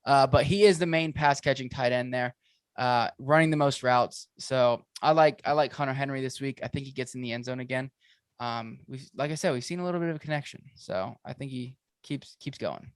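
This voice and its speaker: A man co-hosting a fantasy football show, talking excitably in a rambling way, with lots of restarts and fillers. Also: mid-range voice, a little fast, clean tone, no echo, studio quality. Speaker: fantasy football podcast co-host. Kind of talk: casual sports analysis chat.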